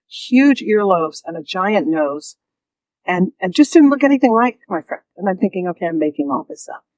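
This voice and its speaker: A woman telling her own story as an interview guest, lively and often laughing, acting out the voices she quotes. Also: lowish voice, dry recording, poor audio.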